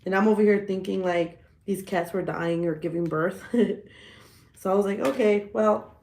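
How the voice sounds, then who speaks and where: A woman, telling stories in a profane, animated way with frequent laughs during a casual livestream chat. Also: medium pitch, normal speed, vocal fry, reverberant. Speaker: livestream host.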